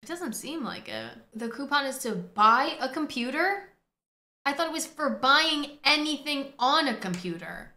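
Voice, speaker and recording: A woman giving excitable, profane play-by-play commentary on a game, often breaking into laughter. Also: sits high, unhurried, echoey room. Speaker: gaming streamer. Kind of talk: casual gameplay commentary. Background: faint game music.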